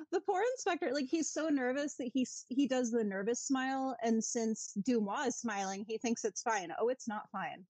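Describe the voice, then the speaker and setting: A woman co-hosting a podcast in a casual chat, wry and sweary with quick asides. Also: fairly high pitch, darkish tone, dry recording. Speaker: podcast co-host.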